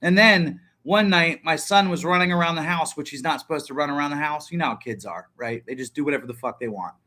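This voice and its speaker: Bright-voiced, profane man in his thirties. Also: on the high side, fast talker. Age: 30s. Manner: profane, rambling and blunt. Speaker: livestream host. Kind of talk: casual livestream chat.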